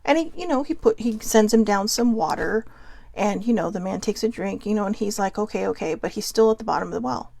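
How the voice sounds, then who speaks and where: Gravelly-voiced woman talking from the heart. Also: mid-range voice, brisk, darkish tone, no echo. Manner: heartfelt, reflective, storytelling. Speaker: mental health vlogger. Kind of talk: earnest personal talk to viewers.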